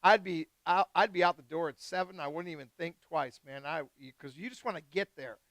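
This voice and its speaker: A man hosting a live wine tasting, chatting casually and excitedly with guests and swearing freely. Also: a little high, a little fast, dry recording. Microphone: live stream mic.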